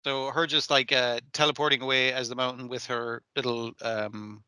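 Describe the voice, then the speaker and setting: A man co-hosting a podcast, chatting casually about anime, animated and swearing a lot as he acts out scenes. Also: medium pitch, moderate pace, slight background noise. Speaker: podcast co-host. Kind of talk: casual chat reviewing anime.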